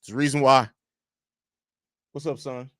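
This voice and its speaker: A male podcast host speaks at moderate speed with medium pitch and fairly even intonation. He's doing a casual home live-stream about sports on a desk microphone, loosely repeating phrases and reading questions from the chat. It's a dry, studio-quality recording.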